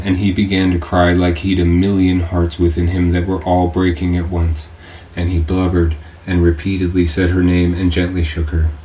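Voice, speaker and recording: A man reading his own audiobook aloud, with earnest, measured scripted narration. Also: sits low, a little mellow. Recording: roomy distant-mic home recording with faint hiss.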